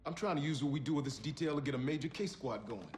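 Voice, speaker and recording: An actor playing a male police detective who talks briskly as he pushes a plan, in a clip from a TV drama. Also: fairly high pitch, slight background noise, natural voice. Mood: determined.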